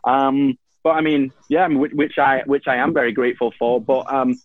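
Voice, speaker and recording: A man's voice: mid-range voice, little pitch movement, fairly quick, no echo, narrow, tinny audio. A man with a Manchester accent, a guest on a talk show, telling stories casually with a rambling, filler-heavy delivery. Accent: Mancunian English. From Manchester, England. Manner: laid-back, rambling, lots of ums and repeated restarts. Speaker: guest, YouTuber. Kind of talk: casual conversational storytelling.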